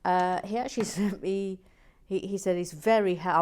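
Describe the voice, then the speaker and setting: A woman chatting casually while building, playful and teasing, often dropping into soft whispered asides. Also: mid-range voice, moderate pace, smooth. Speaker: LEGO building vlogger. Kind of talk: casual chat while building and reading comments.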